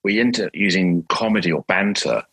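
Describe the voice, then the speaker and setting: A man's voice: deep voice, lively intonation, normal speed, gravelly, a bit bright, husky, low-quality recording. A man hosting a podcast interview, asking reflective questions and summing up ideas. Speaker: podcast host.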